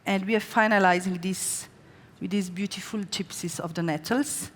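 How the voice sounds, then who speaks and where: A woman's voice: mid-range voice, fairly even intonation, moderate pace. A woman chef, a native Slovene speaker, doing a live stage cooking demo and telling stories in a chatty way, with lots of fillers and restarts. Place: large hall on a stage. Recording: live hall with long reverb.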